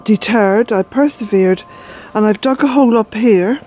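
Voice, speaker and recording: A woman's voice: a little high, moderate pace, warm tone, poor audio. Breathless older woman in a garden. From Ireland. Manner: rambling, chatty, with fillers. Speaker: vlogger, gardener. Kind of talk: casual walk-and-talk narration. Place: outdoor garden.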